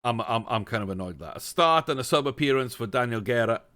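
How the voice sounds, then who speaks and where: Talking fast with lively intonation, a man at an ordinary middle pitch streams a football management game. He keeps up casual, chatty let's-play commentary, musing aloud and occasionally erupting in frustrated rants.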